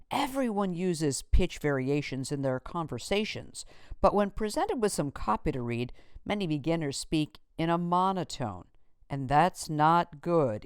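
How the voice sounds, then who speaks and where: A woman narrating a scripted lesson on voice technique in a measured, textbook way. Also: sits low, clear, resonant tone, no room sound, studio quality. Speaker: instructor.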